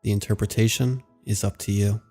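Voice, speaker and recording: A man narrating scary stories in a slow, even storytelling delivery. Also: lowish voice, soft background music. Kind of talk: scripted horror story narration.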